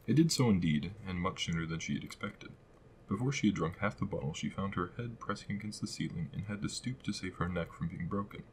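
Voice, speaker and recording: A man reading a classic storybook aloud as narrator, in a steady, measured way. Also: sits low, slight background noise, low-quality recording. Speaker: audiobook reader.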